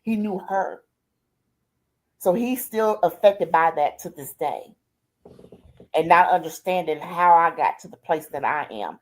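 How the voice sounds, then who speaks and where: Older woman, grandmother, low-ish voice, heartfelt, plainspoken, live stream interview. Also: lively intonation, unhurried, long pauses. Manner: heartfelt, repeats "I said" and "she said", colloquial Southern-style grammar. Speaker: guest. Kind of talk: telling her life story.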